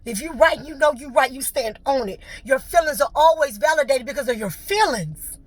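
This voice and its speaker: A woman's voice: high voice, animated, normal speed, no echo. A middle-aged woman, venting to camera with emotion and fighting back tears. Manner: tearful, fighting back crying. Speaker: vlogger.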